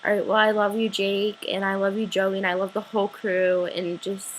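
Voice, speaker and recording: A teenage girl telling an excited story to her camera, gushing and breathless, full of "like" fillers. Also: mid-range voice, normal speed, a little hiss or hum, low-quality recording. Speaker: vlogger.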